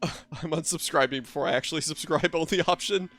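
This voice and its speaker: A man's voice: a little high, fairly quick, hardly any pauses, a bit bright, faint music behind. A man casually chatting with his viewers while playing a game, joking and self-deprecating. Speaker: game streamer. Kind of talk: casual live-stream chat.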